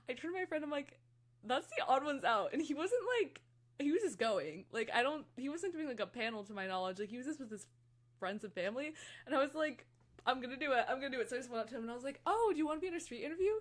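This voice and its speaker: A young woman chatting casually and excitably with viewers on a live stream from her room, rambling from one story to the next. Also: fairly high pitch. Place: her room, fan running.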